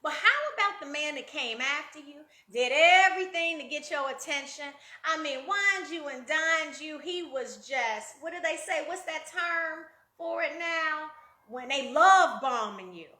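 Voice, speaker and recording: A woman's voice: sits high, lively intonation, unhurried, pushed and bright, reverberant. A woman life coach giving a conversational motivational talk, addressing listeners directly and acting out quoted voices with big jumps.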